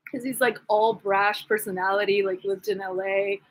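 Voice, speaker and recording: A woman's voice: mid-range voice, steady tone, normal speed, slight background noise, low-quality recording. A woman vlogging in a rambling, casual monologue, gossipy and agitated, with many fillers.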